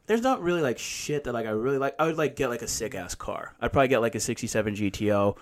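A man's voice: medium pitch, lively intonation, quick pace. A young man hosting a podcast, laid-back and joking, asking curious questions in casual chat. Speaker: podcast host.

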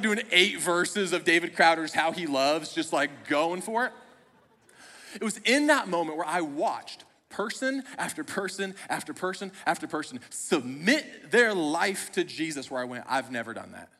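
Bright-voiced man preaching in a reverberant hall. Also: on the high side. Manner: conversational, self-deprecating humor. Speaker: pastor. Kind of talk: sermon with personal story. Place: church auditorium.

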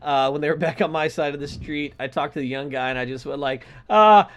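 Animated man telling a story. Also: fairly high pitch, quick pace. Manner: animated storyteller, acts out characters' lines. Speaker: podcast co-host. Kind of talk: casual storytelling chat.

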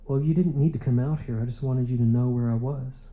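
A nervous country husband explaining himself in plain homespun words, his tone deep and mellow, read by a male audiobook narrator. his delivery stays close to an everyday speaking voice. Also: fairly even intonation, brisk, close to an everyday voice, poor audio. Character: rural husband, anxious and eager to explain.

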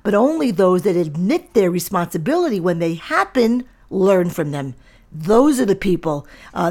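A middle-aged woman with a somewhat low voice hosts her own solo podcast. She speaks firmly and directly, in a lecturing tone. Her delivery stays steady and plain, as if giving straight advice to her listeners. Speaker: podcast host and diet center owner.

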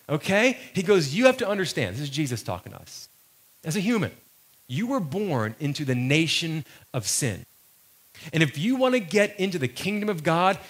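A man preaching a sermon to a congregation in a conversational, lively way, slowing down to stress key phrases. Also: fairly high pitch. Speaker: pastor.

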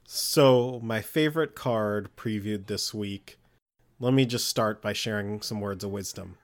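A male podcast co-host chats casually, excitable and playful. He jokes easily and keeps things lively. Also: lowish voice, a little slow. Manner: excitable, joking, laughs often. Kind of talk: casual chat.

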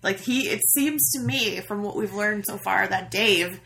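Chatty bright-voiced woman co-host. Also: mid-range voice, measured pace, creaky, low-quality recording. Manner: chatty, laughs easily, acts out her reactions. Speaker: podcast co-host. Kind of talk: casual chat recapping a TV show.

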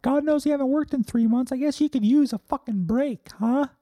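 A man voicing the number forty-four as a nagging, sulky pest that guilt-trips him in a high, whiny, profane voice. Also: fairly quick, dark tone, dry recording, clean studio sound.

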